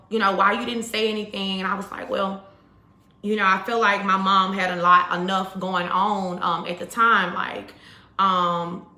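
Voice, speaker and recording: A woman's voice: medium pitch, bright, forceful tone. A woman and mother telling a personal story to her viewers in a casual, rambling way, talking straight to them. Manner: chatty, rambling, full of "like" and "you know", addresses viewers as y'all. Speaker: spiritual YouTuber and mother. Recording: echoey room.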